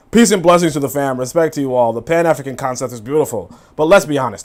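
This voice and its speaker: A man hosting a casual livestream, reacting to a video and chat with profane, animated talk, laughing asides and lots of fillers. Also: medium pitch.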